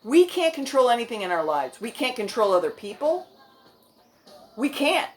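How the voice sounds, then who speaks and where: A woman's voice: on the high side, big pitch swings, moderate pace. A woman in her fifties giving a motivational vlog talk to her viewers, earnest and frank with casual language. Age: 50s. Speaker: vlogger.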